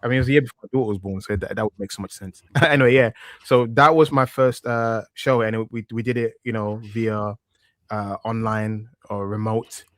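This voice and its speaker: A man's voice: fairly low pitch, a little fast, no room sound, clean studio sound. A man in his thirties from East London with a thick East London accent, chatting reflectively as a podcast guest with plenty of fillers. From East London, England. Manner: relaxed and reflective, many fillers and restarts. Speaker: podcast guest, wrestling media presenter. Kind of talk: casual interview chat.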